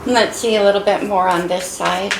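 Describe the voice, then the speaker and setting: Tarot reader, woman, low gravelly voice that is fading, emotional and encouraging, echoey room with faint hiss. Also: fairly even intonation, moderate pace. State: losing her voice. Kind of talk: casual tarot reading.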